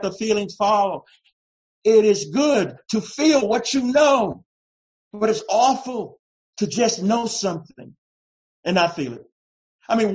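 A pastor delivering a sermon in a slow, emphatic style that swells into shouts. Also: mid-range voice, rough recording.

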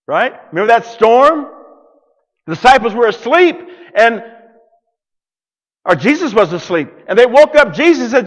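Dramatic preacher man, lively high voice. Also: normal speed, long pauses, big-room sound. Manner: dramatic preaching with big swings between loud and hushed. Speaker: pastor. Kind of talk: sermon.

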